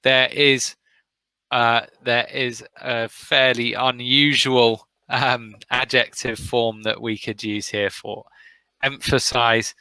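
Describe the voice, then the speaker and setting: A man's voice: medium pitch, flat delivery, slow pace, bright, forceful tone, smooth, no echo, poor audio. A man from the UK with a British accent, teaching an online vocabulary lesson and encouraging students by name. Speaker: English teacher.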